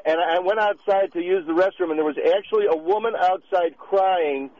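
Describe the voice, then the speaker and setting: A man's voice: high voice, normal speed. A man calling in to a radio show, chatty and giggly, rambling through his story. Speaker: caller. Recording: dull lo-fi radio broadcast.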